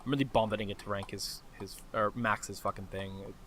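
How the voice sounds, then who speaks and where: A man with a bright, forceful voice talks casually on a podcast, circling back on his words with fillers and restarts. He keeps the conversation moving and hands the floor to others. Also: on the low side, fairly even intonation, fairly quick, slight background noise. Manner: rambling, many restarts and fillers, laughs easily. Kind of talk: casual chat about a video game.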